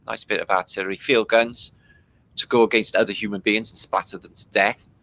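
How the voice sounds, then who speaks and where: A man's voice: fairly low pitch, steady tone, brisk, sharp tone. A man from Britain giving loose, casual running commentary over old footage, swearing freely and filling gaps with ums. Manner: loose and chatty, swearing freely, many fillers. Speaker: host commenting on archive war footage.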